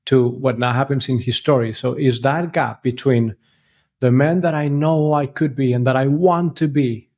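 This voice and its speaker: A man with a mid-pitched, plain voice who talks earnestly and reflectively, often stopping to restart his thoughts. His mid-pitched voice carries an easy podcast tone. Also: steady tone, normal speed, darkish tone. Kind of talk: movie discussion podcast.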